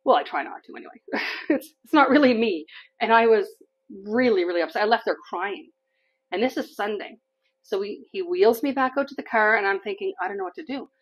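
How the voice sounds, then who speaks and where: A woman's voice: medium pitch, animated, fairly quick, husky, muffled recording. A middle-aged woman from Canada, telling a personal story to camera in a candid, chatty way and laughing now and then. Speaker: vlogger.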